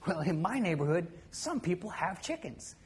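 A middle-aged man telling a personal story to an audience in a conversational way, often dropping to a quiet voice and chuckling now and then. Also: sits high, big pitch swings, normal speed, husky.

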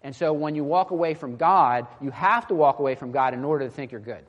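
A man's voice: a little high, animated, brisk, highs cut off. A young man preaching a sermon in an earnest, impassioned way, often restarting his sentences. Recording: long hall reverb.

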